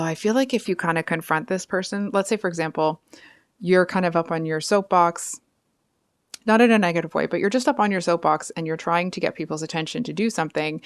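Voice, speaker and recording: A woman's voice: fairly low pitch, smooth, no room sound, studio quality. A woman giving a casual tarot reading, chatty and rambling, with frequent asides and apologies. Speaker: tarot reader.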